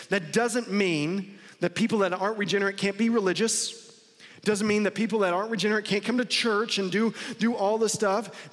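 Male pastor, slightly high voice, emphatic, driving sermon full of rhetorical questions, long church reverb. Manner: emphatic, repeats lines and asks rhetorical questions.

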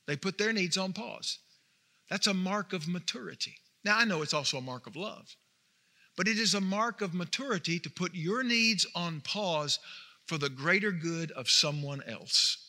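Man, pastor, sermon, animated and emphatic, long hall reverb. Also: sits high, moderate pace. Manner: animated storytelling preacher, rising to emphatic peaks.

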